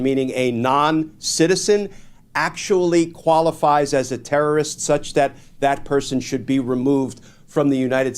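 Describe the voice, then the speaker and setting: A man giving measured, explanatory legal commentary as a guest on a political talk show, stressing key points. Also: a little high, a little mellow.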